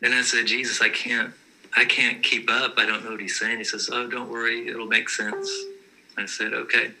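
A man's voice: medium pitch, level tone, moderate pace, gravelly, sharp tone, low-quality recording. A man telling personal vision stories in a casual, earnest, matter-of-fact way.

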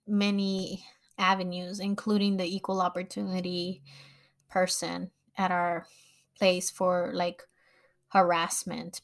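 Candid woman telling a story. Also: medium pitch. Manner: candid and expressive, swearing freely. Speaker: podcast host. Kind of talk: casual storytelling.

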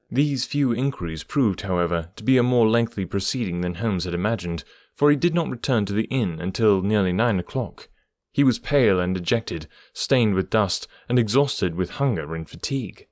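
A man narrating an audiobook chapter in a steady, even storytelling manner. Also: fairly low pitch, moderate pace, no room sound, studio quality. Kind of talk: scripted narration.

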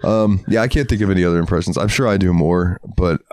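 A man co-hosting a casual podcast, laid-back and quick to laugh, trailing off with fillers. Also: deep voice, a little mellow, no echo, studio quality. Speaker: podcast co-host.

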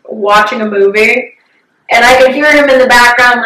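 A young woman in her twenties chats casually, candidly telling an emotional story and swearing freely. Her fairly high voice is bright and forceful, at a normal speed. She sounds distant from the mic in a roomy recording.

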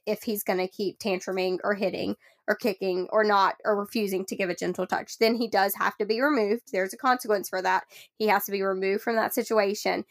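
A woman in her thirties co-hosts a casual parenting podcast, her voice carrying a gravelly fry. She explains calmly and drops into soft, gentle phrasing when showing what to say to a toddler. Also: medium pitch. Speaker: podcast co-host.

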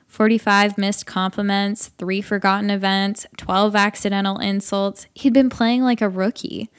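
A woman narrating a comic short story in an even, deadpan way. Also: mid-range voice, moderate pace, clean tone.

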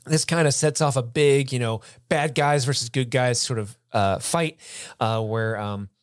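A man co-hosting a podcast who retells a film plot quickly, laughs a lot and often slips into voices. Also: mid-range voice, steady tone, no echo, clean studio sound. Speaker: podcast co-host. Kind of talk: casual movie review chat.

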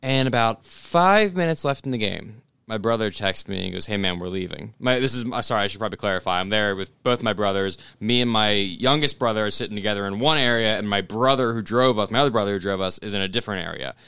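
A man telling a story in casual chat with friends, animated and cursing often. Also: on the low side, quick pace, hardly any pauses, clean tone, no echo, clean studio sound. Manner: animated, swears a lot, laughs through the story.

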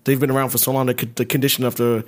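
Casting note: male podcast co-host, mid-pitched, easygoing, profane banter. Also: rapid-fire. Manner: relaxed, profane, laughs along. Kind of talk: casual chat.

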